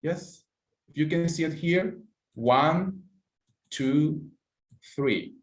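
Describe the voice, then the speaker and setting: A man's voice: fairly high pitch, extremely slow. Man teaching pronunciation in an echoey room. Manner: patient, encouraging, calls on students by name. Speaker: English teacher. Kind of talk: online pronunciation class. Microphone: computer mic on a video call.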